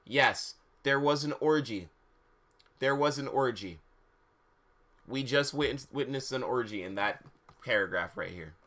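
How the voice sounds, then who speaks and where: A man's voice: medium pitch, unhurried, long pauses, fairly bright tone. A man reading fan fiction aloud on a live stream, breaking off for sarcastic, incredulous asides. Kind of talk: mocking dramatic reading with commentary.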